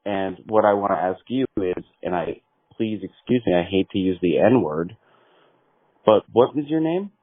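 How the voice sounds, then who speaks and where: A man making a prank phone call, talking slowly in a mystical, deadpan way that breaks into angry swearing. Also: low-pitched, no echo. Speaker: prank caller. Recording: tinny phone line.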